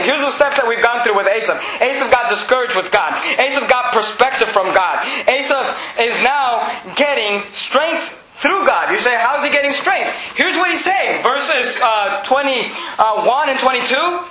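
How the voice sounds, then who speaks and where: High, bright-voiced preaching man. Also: roomy sound, low-quality recording. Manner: animated preaching, building to shouts. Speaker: pastor. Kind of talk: sermon. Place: church.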